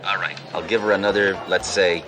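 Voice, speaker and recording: An actor playing a deadpan wisecracking cop. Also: male voice, low-pitched, brisk, lightly acted. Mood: smug. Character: brash tough-guy male cop, deadpan wisecracking. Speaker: police detective. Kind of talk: sitcom acting. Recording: TV soundtrack with music behind.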